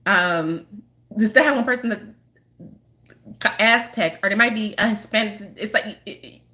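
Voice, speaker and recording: A woman's voice: mid-range voice, a little slow, bright, forceful tone. A woman spiritual healer talking casually to her viewers, rambling, restarting sentences and laughing often. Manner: apologetic giggling asides. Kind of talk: casual chat to camera.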